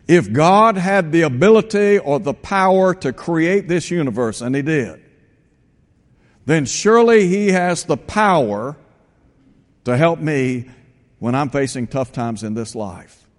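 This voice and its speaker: A man preaching a sermon, reading scripture aloud and slowing down to stress the quoted verses. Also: a little high, animated, in a large hall.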